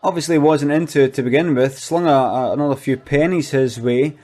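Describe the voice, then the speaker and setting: A shifty product promoter, voiced by a man stumbles through his pitch in a middling, unremarkable voice. He hesitates constantly and stays deadpan throughout. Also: brisk, natural voice. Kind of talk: comic monologue.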